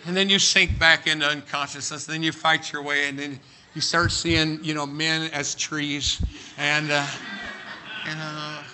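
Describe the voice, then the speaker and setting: Male preacher, high sharp voice, comic animated storyteller who breaks into shouts. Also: unhurried, a little hiss or hum. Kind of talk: humorous storytelling sermon.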